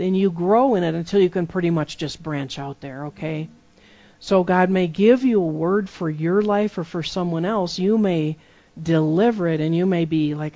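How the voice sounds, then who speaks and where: Animated storytelling preacher, slightly muffled recording. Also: medium pitch, moderate pace. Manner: lively storytelling that acts out dialogue. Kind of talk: sermon with personal testimony.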